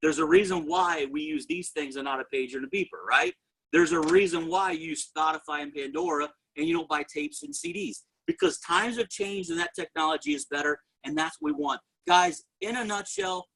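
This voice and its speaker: A man giving an energetic motivational sales testimony and talking straight to his audience as a network marketing presenter. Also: high voice, vocal fry, slightly rough, low-quality recording.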